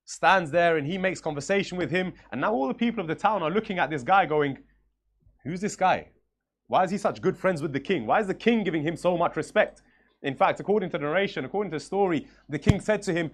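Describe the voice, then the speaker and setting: A man's voice: a little high, fast talker. Storytelling man giving a religious talk. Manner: conversational storyteller, voices characters' lines. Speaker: lecturer.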